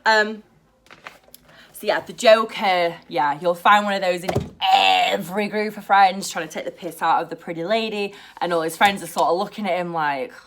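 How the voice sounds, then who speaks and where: A young British woman chatting to camera in a blunt, profane and animated way. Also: lowish voice, normal speed, a little hiss or hum. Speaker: vlogger. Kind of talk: casual to-camera chat.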